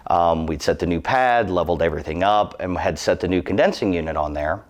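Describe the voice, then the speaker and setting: A man's voice: low voice, fairly quick. A man in his thirties telling a personal safety testimonial in an earnest, emphatic, cautionary way. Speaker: employee giving a safety testimonial.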